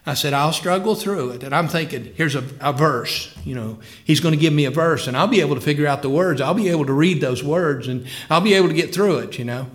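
A man's voice: a little high, fairly quick. A middle-aged man, preaching and telling his testimony in an earnest, emotional way. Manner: earnest, emotional storytelling with rising fervor. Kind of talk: sermon testimony.

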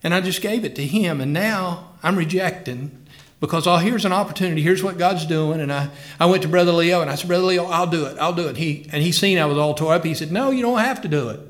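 A middle-aged man preaches his testimony in an earnest, heartfelt way. His voice sits slightly higher than most men's. He swells with fervor as the story builds. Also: fast talker. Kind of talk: sermon testimony.

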